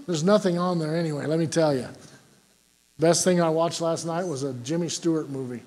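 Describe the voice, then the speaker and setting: Folksy joking older pastor, high-voiced man. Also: a little fast, a little mellow. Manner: folksy and joking, with frequent "Amen?" to the congregation. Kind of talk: sermon.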